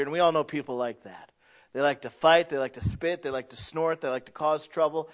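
Earnest high-voiced male preacher. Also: a little fast, dull audio. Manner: earnest, conversational, swings between emphatic and hushed. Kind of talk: sermon.

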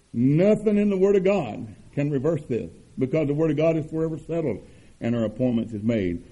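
An older man preaching a sermon, with an earnest cadence, emphatic repetitions and drawn-out stresses. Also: on the high side, animated, mellow, slightly rough, dull audio. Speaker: pastor.

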